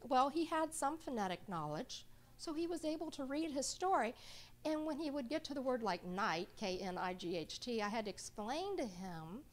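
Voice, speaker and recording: A middle-aged woman presenting a reading workshop to a live audience. She talks in a chatty way and often checks in with her listeners. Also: fairly high pitch.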